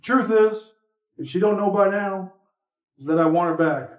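A man voicing a gravely ill middle-aged Southern man who speaks in a folksy, plainspoken, heartfelt way, with a Southern US accent. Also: high voice, normal speed, natural voice. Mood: weary, earnest. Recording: echoey room, from far off, muffled.

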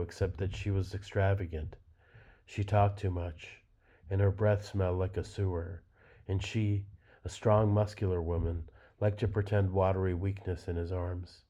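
A man reading a novel aloud in a measured, unhurried way. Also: low-pitched, steady tone, dark tone. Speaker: reader. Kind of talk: literary fiction reading. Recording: dull lo-fi recording.

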